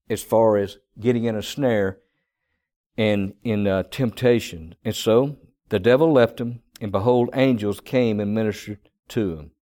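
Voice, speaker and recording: A man preaching a sermon, emphatic, with dramatic pauses and big swings in pitch. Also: warm tone. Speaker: pastor.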